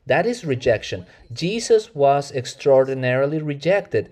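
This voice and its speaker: Earnest preacher, Mexican Spanish accent. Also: male voice, mid-range voice, expressive, mellow. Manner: earnest, measured preaching with self-corrections. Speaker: pastor. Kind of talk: sermon.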